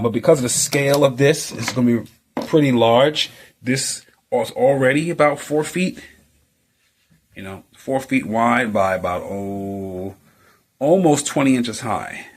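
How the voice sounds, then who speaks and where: A man's voice: mid-range voice, slight background noise. A man, an artist and model builder, chatting casually at home as he works, with lots of fillers and playful little sound effects.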